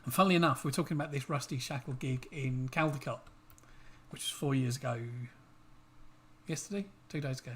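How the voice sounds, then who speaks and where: Man, quiz host, middle pitch, teasing banter, faint background noise. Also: fairly quick. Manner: teasing, jokey asides between questions. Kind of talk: reading quiz questions in casual banter. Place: home livestream.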